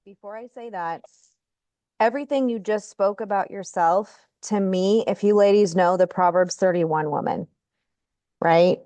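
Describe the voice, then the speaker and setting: A woman speaking as a guest on a video call, earnest and measured. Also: mid-range voice, mellow, no echo. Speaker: guest insurance agent. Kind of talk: casual chat.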